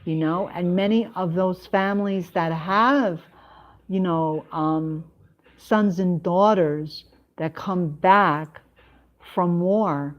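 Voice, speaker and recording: A woman hosting her own live stream, talking casually and haltingly, with many restarts and fillers. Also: fairly low pitch. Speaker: livestream host. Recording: dull lo-fi sound.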